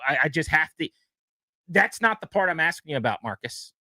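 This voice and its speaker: A man hosting a sports radio show, talking in a casual, animated way and often mimicking other people. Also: a little high, fairly quick, dry recording.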